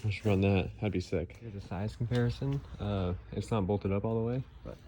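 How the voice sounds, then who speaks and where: A man's voice: lowish voice, fairly even intonation, normal speed, warm tone, a little hiss or hum. Laid-back young man in a garage. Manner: laid-back, chatty, uses car slang. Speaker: car builder vlogger. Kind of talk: casual build vlog narration. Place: car garage workshop.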